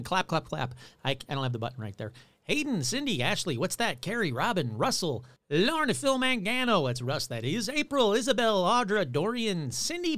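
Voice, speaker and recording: Guy hosting a podcast, high voice that bounces all over, dry close sound. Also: no echo. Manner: chatty, rambling, animated delivery. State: losing his voice. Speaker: podcast host. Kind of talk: casual podcast chat.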